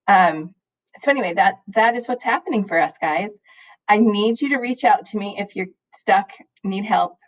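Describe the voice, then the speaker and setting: A middle-aged woman, a high school math teacher, chatting casually and rambling to her students from home, laughing often. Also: fairly quick. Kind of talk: casual video chat to students. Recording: dull lo-fi recording.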